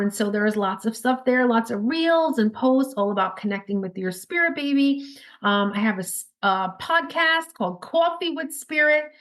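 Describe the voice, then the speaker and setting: A woman with a New York accent, a guest in a casual podcast interview, talking quickly and upbeat with frequent laughs. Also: medium pitch, a bit bright. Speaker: podcast guest, spirit baby intuitive.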